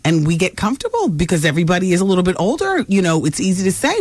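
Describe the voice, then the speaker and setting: A woman hosting a call-in radio show, bantering with callers in a brash, teasing, quick-witted way. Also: on the low side, sing-song, slightly rough, no echo.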